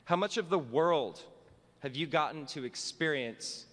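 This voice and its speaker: Male teacher at a graduation podium: wry, self-mocking, fairly high voice, slow and deliberate, echo from a long hall. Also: animated, fairly bright tone. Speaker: teacher giving a commencement speech. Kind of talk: humorous commencement address.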